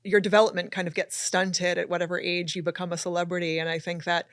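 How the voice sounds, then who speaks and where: A woman's voice: lowish voice, flat delivery, fast talker, no echo, clean studio sound. A woman hosting a podcast interview, listening closely and offering frequent affirmations. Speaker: podcast host. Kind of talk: interview, casual chat.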